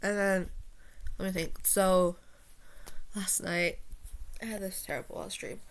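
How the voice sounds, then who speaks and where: A teenage girl ranting casually to her viewers, rambling and profane with lots of filler words, jumping between loud outbursts and quiet muttering. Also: fairly low pitch, steady tone, a little slow. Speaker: vlogger. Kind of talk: casual rant to camera.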